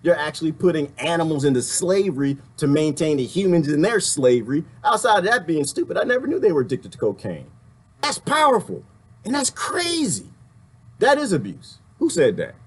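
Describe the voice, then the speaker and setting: A man ranting casually to his viewers, animated and often laughing, with a husky voice. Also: fairly high pitch, fairly quick. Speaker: vlogger. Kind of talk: casual rant to camera.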